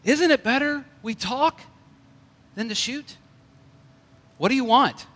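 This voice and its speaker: A man voicing a calm, persuasive talking bear in a soothing, gentle voice. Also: high voice, a little fast, in a large hall, voice pushed up, full character voice.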